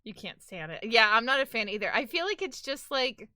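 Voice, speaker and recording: A woman's voice: on the high side, big pitch swings, brisk, pushed and bright, dry recording, studio quality. Chatty New York woman streamer. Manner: chatty, rambling with lots of "like". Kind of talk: casual live-stream chat.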